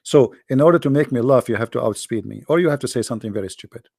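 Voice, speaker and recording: A man's voice: medium pitch, quick pace, vocal fry, a little mellow, dry recording, clean studio sound. A man with joking and rambling in a teasing voice chat. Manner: teasing, rambling, non-native phrasing. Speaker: chat room speaker.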